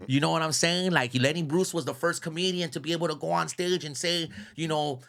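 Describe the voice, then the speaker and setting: A man's voice: on the high side, brisk, vocal fry, fairly bright tone. A middle-aged man, a radio personality, telling stories as a guest in a casual interview, swearing freely and repeating himself for emphasis. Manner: profane and emphatic, with heavy repetition.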